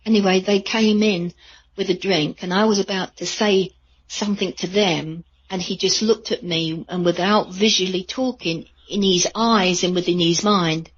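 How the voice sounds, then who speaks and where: A woman, a psychic medium, telling chatty, rambling stories in a radio interview with a husky voice. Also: mid-range voice, fairly even intonation, moderate pace, muffled recording. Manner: chatty, rambling with many fillers.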